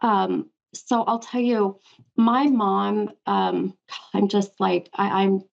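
A woman's voice: medium pitch, steady tone, slow, vocal fry, highs cut off. A woman hosting a psychic call-in show, giving an affectionate spirit reading and calling the caller hun. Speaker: psychic medium show host.

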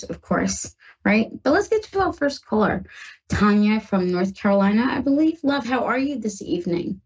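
A woman with a husky, slightly breathy voice hosting a psychic call-in radio show. She chats warmly to her listeners and reads tarot cards for callers. The sound is a little dull and muffled, like a radio broadcast. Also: a little high, very animated, normal speed. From northern United States. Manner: chatty and reassuring, addresses listeners as guys. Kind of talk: live call-in tarot reading.

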